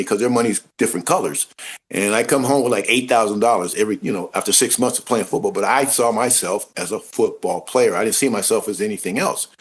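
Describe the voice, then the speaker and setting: A man in a casual interview, telling stories in an animated, informal way and acting out the voices of people he met. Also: mid-range voice. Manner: informal speech with dropped grammar. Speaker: interview guest, former football player turned actor. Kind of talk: casual anecdotal storytelling.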